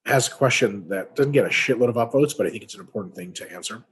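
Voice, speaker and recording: A man's voice: on the low side, fast, slightly rough. A man co-hosting a casual webinar, answering training questions in a blunt, profane, explanatory way. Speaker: co-host answering fitness questions.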